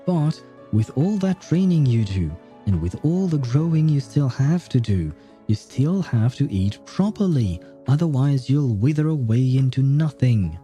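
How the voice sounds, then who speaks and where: A man's voice: medium pitch, sing-song, measured pace, faint music behind. A man voicing a kindly, coaxing old grandmother in a video game. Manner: gentle, coaxing.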